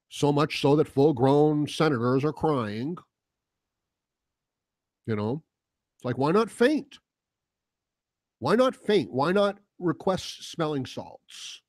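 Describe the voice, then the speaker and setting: A man's voice: a little high, darkish tone, dry recording, studio quality. A man hosting a heated, profane commentary monologue, mocking the voices he quotes. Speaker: political commentary host. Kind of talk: casual monologue.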